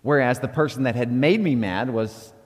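A man's voice: mid-range voice, moderate pace. Middle-aged oklahoma pastor, candid and self-deprecating, chuckles through his stories, voice rings out in a big church hall. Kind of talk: sermon. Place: church sanctuary. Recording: long reverb of a church hall.

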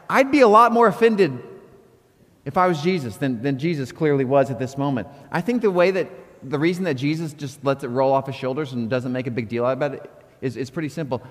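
A man preaching a sermon as pastor, talking conversationally and acting out quoted inner thoughts. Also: mid-range voice. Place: church auditorium. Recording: long reverb of a church hall.

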